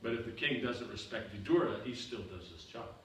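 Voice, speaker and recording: A man's voice: mid-range voice, animated, brisk, a bit bright. A man teaching a seminar and answering questions, explaining with repeated examples and often asking "you understand?". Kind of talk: seminar Q&A lecture. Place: seminar room. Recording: echoey room, far from the mic, faint noise.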